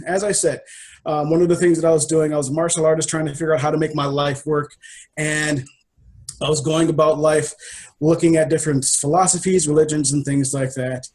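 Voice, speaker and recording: Man guest, higher voice, expressive, emotional storyteller who acts out scenes. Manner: animated and emotional, acts out his own dialogue. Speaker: life coach and interview guest. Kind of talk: personal storytelling in a conversation.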